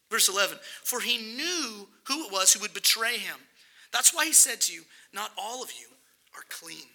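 Male preacher, high and gravelly voice, animated sermon delivery with acted-out scripture scenes. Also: normal speed.

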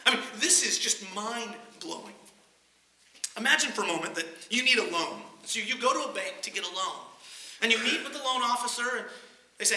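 A preacher working through a passage in a conversational, teaching style, with a bright, sharp voice. The speech echoes through a roomy space. The pitch sits in a middle range. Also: fast. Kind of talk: sermon.

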